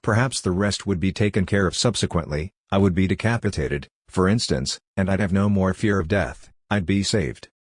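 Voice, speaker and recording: Low-voiced man reading a novel aloud. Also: moderate pace, hardly any pauses, dry recording. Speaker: audiobook reader. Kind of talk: literary audiobook narration.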